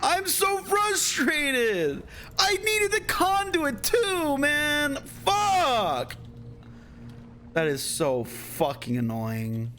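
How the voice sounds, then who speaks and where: A man's voice: extremely high pitch, sing-song, drawn-out words, bright, forceful tone, faint music behind. A young man streaming a game, swearing and laughing in frustration. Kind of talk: live game-stream chat.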